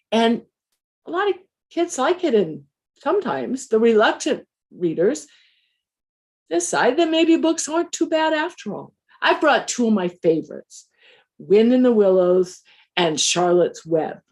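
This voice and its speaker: A woman, once a teacher, telling a personal story in a conversational, measured way with dry humor. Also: on the high side.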